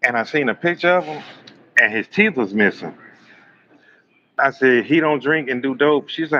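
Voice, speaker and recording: A man's voice: medium pitch, normal speed, long pauses, bright, forceful tone, muffled recording, a little hiss or hum. A man, preaching bluntly and swearing on a live stream, acting out both sides of arguments. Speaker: live-stream host and self-styled prophet.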